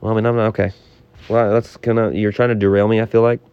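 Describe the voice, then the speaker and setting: A man co-hosting a comedy podcast, halting and exasperated as he tries to keep the talk on track. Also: fairly low pitch, little pitch movement, clear, resonant tone, no room sound, muffled recording.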